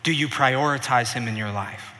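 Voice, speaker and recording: A young man preaching a sermon as pastor, telling stories with animation and dropping softer for earnest points. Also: medium pitch, moderate pace. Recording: reverberant hall.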